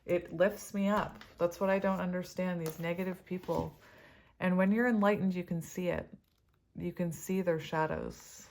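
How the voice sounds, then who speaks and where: A woman's voice: lowish voice, fairly even intonation, moderate pace, a little mellow. Tearful, chatty tarot-reading woman. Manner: emotional, laughing often, spiritual talk. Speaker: tarot reader. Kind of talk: casual tarot reading to camera.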